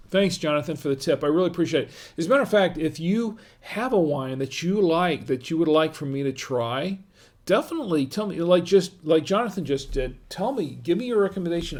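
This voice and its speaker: A man's voice: a little high, gravelly, a little mellow. A man hosting a wine tasting livestream, talking casually and thinking aloud as he reads viewer comments. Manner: rambling and conversational, thinking aloud.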